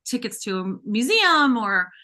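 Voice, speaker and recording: A woman's voice: a little high, measured pace. A woman co-hosting a casual live chat, telling stories with lots of quoted asides. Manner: animated storytelling with quoted asides. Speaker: co-host.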